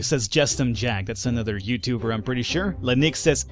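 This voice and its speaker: A man's voice: mid-range voice, expressive, brisk, faint music behind. A man giving casual, sarcastic let's-play commentary, rambling and swearing freely. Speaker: gameplay commentator.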